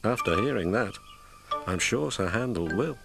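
A British man narrating a children's storybook in an expressive, gentle storytelling manner. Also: on the low side, normal speed, gravelly. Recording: narration with music behind.

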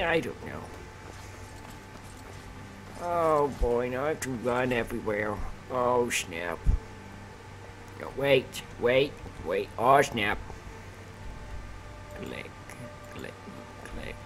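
A man commentating on his own gameplay, excitable and often blurting out exclamations. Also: medium pitch, takes it slowly, pauses often, slight background noise. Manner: excitable, keeps exclaiming "oh snap". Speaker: gaming channel host. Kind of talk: let's play commentary.

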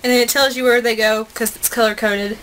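A young woman vlogging an unboxing at home, gushing and excitable, chatting to her viewers. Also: a little high, brisk, a little hiss or hum.

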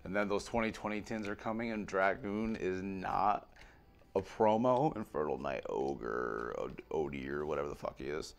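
A man opening trading card packs on camera, rattling off card names and swinging between quiet mutters and excited, sweary outbursts. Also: low voice, moderate pace, vocal fry. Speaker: card pack opener on a video channel. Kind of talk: casual pack-opening commentary.

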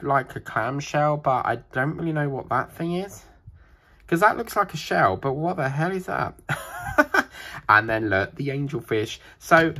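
A man with a British accent, chatting casually as he unboxes crafting kits for his channel, rambling and getting excited. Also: fairly high pitch. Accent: British English.

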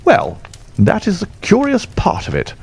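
A man doing an agitated old colonel, pitched high. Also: huge pitch swings, unhurried, gravelly, darkish tone, slightly rough, heavily acted. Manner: raised, strained, exclamatory. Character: agitated older male racehorse-owning colonel. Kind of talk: audiobook character voice.

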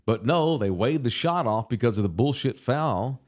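A man's voice: medium pitch, animated, normal speed. A man hosting a casual talk show, ranting profanely and with animation.

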